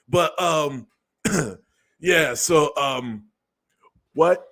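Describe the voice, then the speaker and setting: A man doing a halting, throat-clearing celebrity impression. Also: fairly high pitch, fairly bright tone, exaggerated voice. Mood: sheepish. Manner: hesitant, throat-clearing, filler-heavy. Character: halting middle-aged male celebrity, sheepish apologizer.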